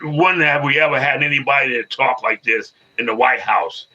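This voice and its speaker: Man, fifties, live-stream host; bright, forceful tone; loops phrases, answers chat combatively; dull lo-fi sound. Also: mid-range voice, normal speed. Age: 50s. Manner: repetitive, restarts phrases, argues back at commenters. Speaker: livestreamer.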